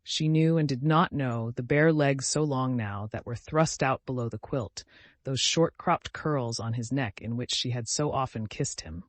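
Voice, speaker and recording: A man narrating a classic novel as an audiobook, calm and measured, lifting his voice for the dialogue. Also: medium pitch, no room sound.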